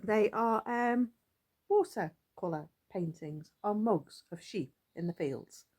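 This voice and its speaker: A woman's voice: mid-range voice, animated, takes it slowly, darkish tone, slightly rough. A woman chatting casually to her vlog audience, rambling and thinking aloud as she goes. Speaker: vlogger. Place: outdoors in a yard.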